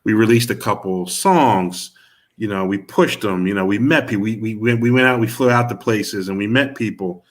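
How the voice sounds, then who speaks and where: Rambling low-voiced man in an interview. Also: normal speed. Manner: rambling, many restarts and fillers. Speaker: music manager and producer guest. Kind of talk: casual interview conversation.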